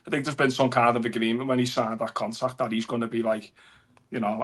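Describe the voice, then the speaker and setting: Male podcast co-host, even and flat, mid pitch, weighs his predictions carefully. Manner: measured, speculative, hedging. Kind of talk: casual football chat.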